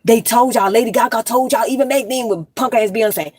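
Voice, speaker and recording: A woman's voice: on the high side, brisk, hardly any pauses, a little mellow, slightly rough, dry recording. A woman from the United States delivering a profane, rambling monologue straight to her viewers, addressing them as y'all and jumping from one thought to the next. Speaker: vlogger.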